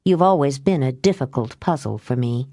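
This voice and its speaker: A woman voicing a wise, calm witch who speaks quietly and measured. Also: rumbling low, no echo, studio quality, voice pushed down, exaggerated voice.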